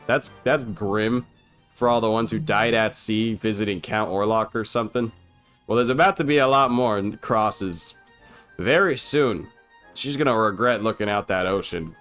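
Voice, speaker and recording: A man's voice: fairly low pitch, normal speed, a bit bright, faint music behind. A man casually riffing over an old movie, rambling, joking and swearing as he goes. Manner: rambling, profane, jokey. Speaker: movie commentator. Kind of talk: casual movie riff commentary.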